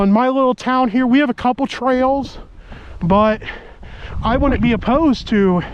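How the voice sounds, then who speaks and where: A volunteer firefighter talks casually to his vlog viewers while sick and out of breath, rambling with many fillers outdoors on a march and later in a parked car. His voice sits high, and the recording is muffled with background noise.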